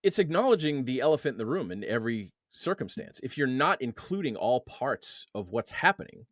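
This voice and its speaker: Speaking a little fast in a mid-range voice, this male interview guest works as an emotional coach for men. He makes his points with homely, everyday analogies and gives an animated upward push to the words he wants to land in this conversational interview. The sound is close and dry, with no room sound.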